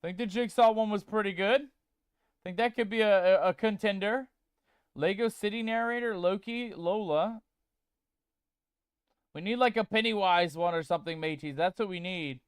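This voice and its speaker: A man's voice: high-pitched, normal speed, pauses often, clean tone, no echo, studio quality. A man streaming a game, chatting casually and playfully with viewers he calls mateys while reading chat aloud. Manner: reads chat aloud and tests text-to-speech voices.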